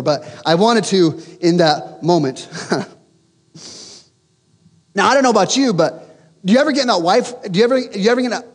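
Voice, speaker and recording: High, lively-voiced man preaching. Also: in a large hall. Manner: animated storytelling, self-mocking humor. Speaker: pastor. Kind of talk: sermon.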